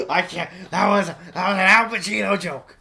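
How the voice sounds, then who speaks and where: A man doing a comic impression of a brash, boastful aging male movie star, with gravelly, shouty bravado. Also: high-pitched, steady tone, normal speed, exaggerated voice. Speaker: podcast co-host. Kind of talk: comedic improvised impression.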